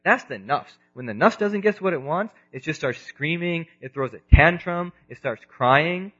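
A man in his thirties giving an earnest religious lecture, moving between loud emphasis and quiet asides, in a dull lo-fi recording. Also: a little high, animated, moderate pace, husky, faint music behind. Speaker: preacher.

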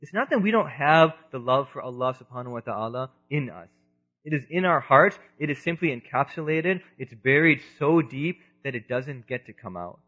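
A man in his thirties giving an earnest religious lecture, moving between loud emphasis and quiet asides, in a dull lo-fi recording. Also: mid-range voice, lively intonation, moderate pace. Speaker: preacher.

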